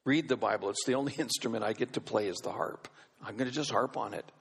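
A man's voice: mid-range voice, fast, gravelly, breathy edge. A man preaching a sermon as a pastor, speaking emphatically and asking his congregation questions, in a large church. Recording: long reverb of a large hall.

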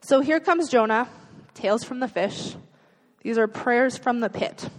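A woman's voice: fairly high pitch, unhurried, in a large hall, poor audio. A woman preaching a sermon in an earnest, conversational way, asking rhetorical questions of her listeners.

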